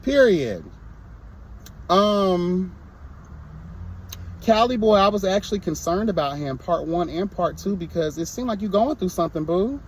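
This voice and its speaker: A man's voice: sits high, animated, measured pace, pauses often, slight background noise. A young man reviewing a reality show in a casual vlog, sassy and blunt, breaking into mocking impressions.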